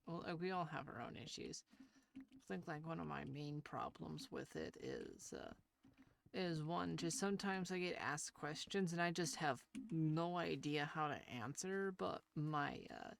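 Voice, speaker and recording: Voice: medium pitch, gravelly, a bit bright, a little hiss or hum. Nasal, rambling gameplay commentator. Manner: rambling and hesitant, heavy with fillers and restarts; shy, talks about social anxiety. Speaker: gaming video creator.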